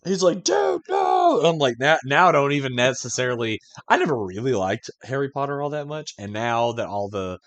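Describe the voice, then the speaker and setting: A man's voice: mid-range voice, fairly quick, few pauses, fairly bright tone. A man co-hosting a podcast in casual chat, swearing often and telling rambling stories with frequent laughs. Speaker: podcast co-host.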